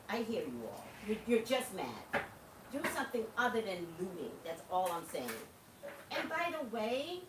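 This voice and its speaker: Lively, preachy woman. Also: medium pitch, reverberant, distant mic, background noise. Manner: impassioned, preachy, laughs often. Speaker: livestream host. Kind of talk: casual livestream talk to viewers.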